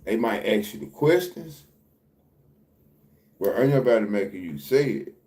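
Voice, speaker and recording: A man's voice: on the low side, lively intonation, measured pace, darkish tone. A man hosting a livestream, talking loosely and repetitively in casual, profane slang. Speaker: livestream reaction host.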